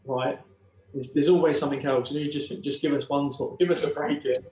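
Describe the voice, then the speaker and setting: A young man quietly retelling a painful personal story as a podcast guest, halting and emotional, with many restarts. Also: a little high, fairly even intonation, roomy sound.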